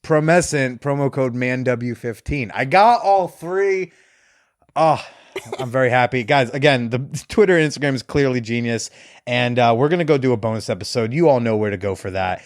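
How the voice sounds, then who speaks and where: A man's voice: medium pitch, animated, moderate pace, no echo, studio quality. A man hosting a podcast, chatting casually and rambling through stories with laughs. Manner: rambling, laughs while retelling scenes. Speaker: podcast host. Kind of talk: casual chat.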